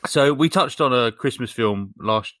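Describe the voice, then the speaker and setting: A man hosting a podcast, recapping a film in a deadpan, sweary, jokey way. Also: mid-range voice, measured pace, no room sound, studio quality. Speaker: podcast host. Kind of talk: casual chat recapping a film.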